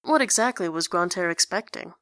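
Woman reading a story with bright tone. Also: on the low side, animated, brisk, dry recording, clean studio sound. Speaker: story reader. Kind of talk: reading fan fiction aloud.

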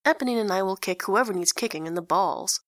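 A woman's voice: medium pitch, quick pace, no room sound, clean studio sound, close to an everyday voice. A woman voicing a brash, cheeky teenage boy who swears bluntly. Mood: muttering.

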